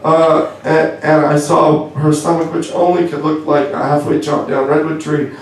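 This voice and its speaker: A man's voice: a little high, little pitch movement, normal speed, far from the mic. A young Canadian man doing a stand-up comedy set in a club, wry and self-deprecating, stumbling over fillers as he goes. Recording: echoey club, voice from afar, faint room noise.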